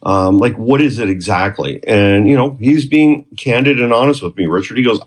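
A man from Canada, a guest telling a long story in an interview, animated and quoting what others said to him. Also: mid-range voice, normal speed, few pauses, slightly rough.

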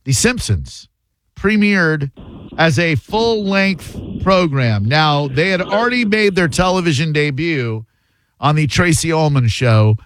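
A man hosting a call-in radio show, chatting in a casual, animated way with quick asides. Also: on the high side, slight background noise.

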